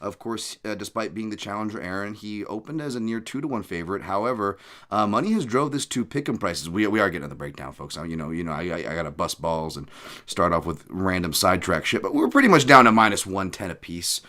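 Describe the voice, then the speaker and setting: Rambling low-voiced podcast host. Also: male voice, expressive, fast, bright, forceful tone. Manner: rambling, joking, profane asides. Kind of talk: casual podcast chat.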